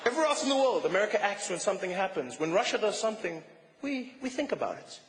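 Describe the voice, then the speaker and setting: Brief: male stand-up comic, high voice, chatty and joking, live echoey hall. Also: quick pace, background noise. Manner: animated, conversational, joking. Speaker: stand-up comedian. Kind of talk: stand-up comedy.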